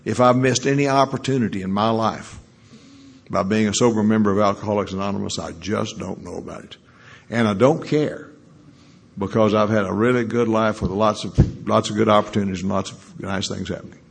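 A man's voice: on the low side, fairly even intonation, a little fast, gravelly, breathy edge. An older man, a lawyer, telling folksy stories about his recovery at a meeting. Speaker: recovering alcoholic sharing at a meeting. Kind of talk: folksy anecdotal storytelling.

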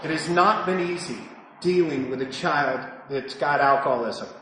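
A man with a high voice tells a raw, confessional recovery story, acting out his own shouts and hushed prayers. His voice rings through a very echoey hall. A faint hiss sits under the sound. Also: normal speed. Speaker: recovery speaker. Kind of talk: personal testimony talk.

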